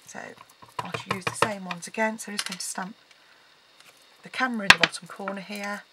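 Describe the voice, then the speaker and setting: A woman's voice: mid-range voice, steady tone, fairly quick. Chatty woman teaching crafts. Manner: chatty, explaining while working, frequent ums. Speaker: card-making crafter. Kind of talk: casual craft tutorial. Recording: loud background noise.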